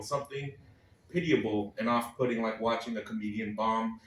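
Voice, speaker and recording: A man from Texas, reading a personal essay aloud at a live club night with a wry, sardonic delivery and dry asides. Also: medium pitch. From Texas, United States. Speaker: spoken-word performer. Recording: echoey room, voice a little far from the mic.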